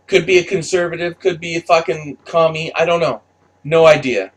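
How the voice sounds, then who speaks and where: A man's voice: fairly high pitch, fairly even intonation, moderate pace. A man delivering a heated, profanity-filled opinion rant, stammering and repeating himself as he talks. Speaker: commentator.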